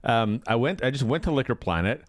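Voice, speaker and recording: A man's voice: mid-range voice, expressive, brisk, no room sound, clean studio sound. A man co-hosting a casual podcast, chatty and rambling, laughing often and swearing casually. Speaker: podcast co-host. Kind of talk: casual chat.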